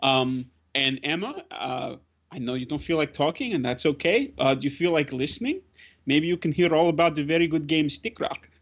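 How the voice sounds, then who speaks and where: A man playing a large, gentle man who soothes children in a tabletop game. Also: on the high side, animated, moderate pace. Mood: coaxing. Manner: soft, coaxing, reassuring. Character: big gentle caretaking man. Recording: slightly dull lo-fi audio.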